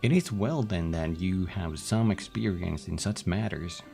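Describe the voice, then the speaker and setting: A man voicing a gruff soldier with a put-on Texas drawl, reading game dialogue. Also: sits low, a little slow, darkish tone, faint music behind. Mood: formal. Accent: put-on Southern US drawl.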